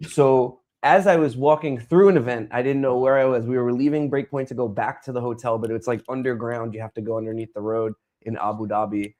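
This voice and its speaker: A man who is a streamer, talking as a guest in a casual interview and telling stories in an animated way. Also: mid-range voice, brisk, hardly any pauses. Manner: animated storyteller, acts out dialogue.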